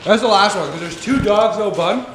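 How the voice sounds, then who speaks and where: A man's voice: sits high, brisk. A man co-hosting a podcast, laughing and keeping count of hot dogs during an eating contest. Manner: cheerful, laughing, talking with a full mouth. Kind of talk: rowdy casual chat during an eating contest. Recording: roomy echo with clear background noise.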